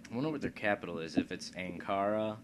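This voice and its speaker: Low-pitched and fast-talking, this let's play commentator narrates a strategy game to himself, tossing out profane, crude gags and side remarks. A constant background noise sits beneath his voice.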